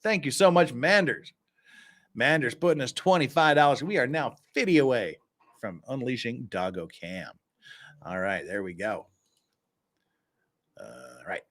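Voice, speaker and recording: A man's voice: mid-range voice, lively intonation, measured pace, pauses often, a bit bright. A man with a Utah accent hosting a casual live stream, reading news articles aloud and breaking off into sarcastic asides. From Cache Valley, Utah. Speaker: host.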